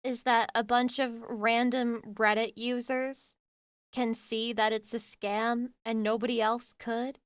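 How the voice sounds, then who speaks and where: A woman's voice: on the high side, level tone, takes it slowly, smooth, dry recording, clean studio sound. A woman streamer giving casual reaction commentary, sarcastic and swearing in mocking asides.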